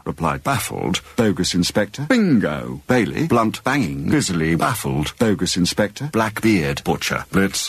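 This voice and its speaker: A man narrating an improvised nonsense mystery story in a rambling, deadpan, tongue-twisting way. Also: sits low, moderate pace, hardly any pauses, breathy edge, no echo.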